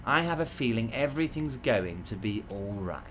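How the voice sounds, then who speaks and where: A man voicing a large, jovial, scheming male union boss in a game playthrough, smooth and falsely reassuring. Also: on the low side, expressive, normal speed, fairly bright tone, a little hiss or hum. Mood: smug.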